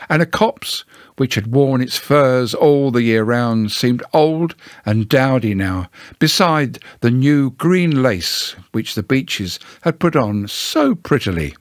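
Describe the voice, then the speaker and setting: A man reading a children's storybook aloud in a gentle, unhurried storytelling manner. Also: medium pitch, big pitch swings, no echo, studio quality. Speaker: narrator.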